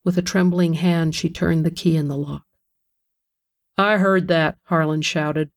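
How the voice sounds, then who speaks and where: A narrator reading a novel aloud in an even, measured storytelling manner. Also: mid-range voice. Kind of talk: audiobook narration.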